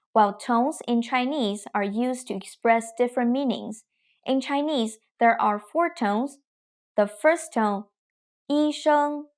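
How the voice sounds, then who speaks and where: Speaking in a higher register, a young adult woman walks through Mandarin sounds in a scripted pronunciation lesson. She goes slowly and deliberately as she demonstrates each one.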